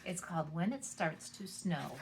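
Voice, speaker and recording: A woman hosting a preschool show, reading a picture book aloud in a gentle, sing-song voice and asking the children questions. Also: fairly low pitch, moderate pace, noisy background.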